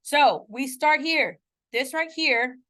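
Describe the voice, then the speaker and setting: High-voiced chatty woman math teacher. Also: takes it slowly, a bit bright. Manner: chatty, often checks in with students; playful self-mocking asides. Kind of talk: classroom lecture. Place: classroom.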